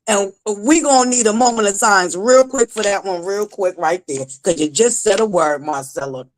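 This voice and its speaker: A woman's voice: mid-range voice, moderate pace, low-quality recording. A woman hosting a casual live stream, talking emphatically to her viewers. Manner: emphatic, preachy, talks straight to the chat. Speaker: host.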